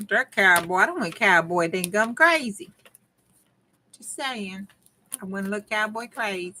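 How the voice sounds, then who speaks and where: A woman's voice: medium pitch, bright, forceful tone, slight background noise, rough recording. Chatty Southern country woman crafting. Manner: chatty, talks to viewers while working, drawls and chops words. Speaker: crafting channel host. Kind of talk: casual crafting vlog chat.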